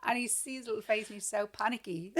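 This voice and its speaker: A woman in her thirties with an Irish accent, co-hosting a podcast and chatting casually, blunt and animated as she acts out what people said. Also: fairly high pitch, fast. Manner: blunt, animated storytelling with acted-out quotes. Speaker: podcast co-host. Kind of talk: casual chat.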